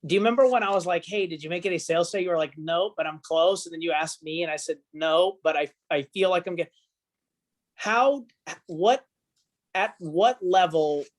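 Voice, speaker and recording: A man leading the interview as host, asking questions and coaching in an encouraging way with everyday analogies. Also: a little high. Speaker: team leader and host.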